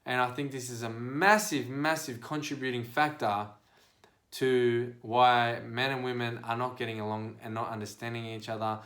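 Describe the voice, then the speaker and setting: A man hosts a podcast and talks straight to his listeners. His delivery is casual but preachy, building into animated bursts as he lays out his advice. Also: mid-range voice, moderate pace. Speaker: podcast host and life coach.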